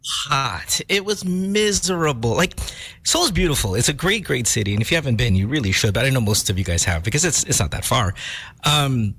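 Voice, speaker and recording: A sick man hosts a morning radio show from his home over a phone connection. He jokes easily and his pitch swings widely as he talks. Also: animated, fairly quick, a bit bright, slightly rough. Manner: easygoing, joking, mixes in Tagalog. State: sick, voice sounds different. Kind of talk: casual radio banter. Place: home bedroom. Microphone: phone data connection, remote.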